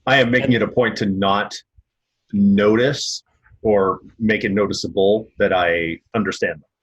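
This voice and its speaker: A man playing in a tabletop game on a livestream. He speaks in a measured, matter-of-fact way, and his low voice has a slight husk and a dry sound. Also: steady tone, fairly bright tone, breathy edge, dry recording, dull audio. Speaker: player.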